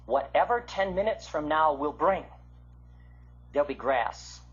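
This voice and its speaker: Husky older man lecturing. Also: fairly high pitch, measured pace, pauses often. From American Midwest. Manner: animated, swings from loud to hushed. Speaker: Bible teacher. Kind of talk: illustrated lecture. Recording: muffled lo-fi recording.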